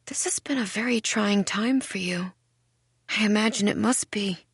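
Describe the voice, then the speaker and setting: A woman voicing an eerie, cold young girl who speaks softly, smiling and half-whispering. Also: medium pitch, normal speed, slightly rough, dry recording, studio quality. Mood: sighing.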